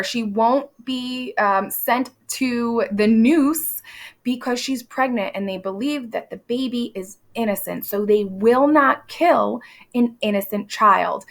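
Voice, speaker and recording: Chatty woman teacher with a gravelly edge. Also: a little high. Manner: conversational, with quick asides and quizzing questions; reads quoted lines aloud in a plain voice. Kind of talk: recorded classroom lesson walking through a play.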